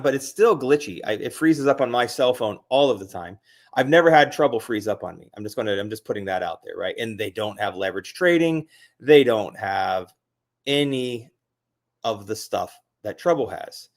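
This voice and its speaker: Excitable man rambling over a screen share. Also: lowish voice. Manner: excitable, rambling, frequent fillers and repeats. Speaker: crypto video host. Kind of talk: casual screen-share commentary.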